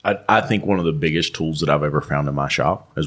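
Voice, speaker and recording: A man's voice: a bass voice, fast talker, breathy edge. A man with a Southern twang, co-hosting a live podcast at a trade conference, telling stories and acting out the people in them. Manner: animated storyteller acting out quoted voices. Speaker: podcast co-host and shop owner. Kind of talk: casual live podcast chat.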